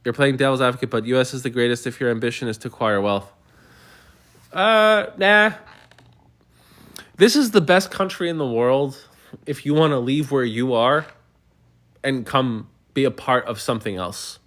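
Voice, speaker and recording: A man's voice: mid-range voice, normal speed, long pauses, fairly bright tone. A man hosting a livestream, answering viewer comments in a heated, argumentative way with many stumbling restarts. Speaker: livestream host.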